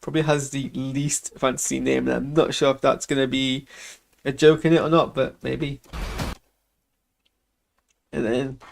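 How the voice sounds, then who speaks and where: A man's voice: medium pitch, little pitch movement, unhurried, creaky, pauses often, slight background noise. A man hosting a casual live reaction to a film trailer, rambling and hesitant with self-deprecating asides.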